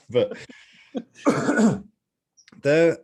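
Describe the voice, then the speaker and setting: Male co-host, warm mellow tone, opinionated and musing, casual cursing. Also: on the high side, big pitch swings, drawn-out words, slightly rough. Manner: musing, argumentative, swears casually. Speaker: podcast co-host.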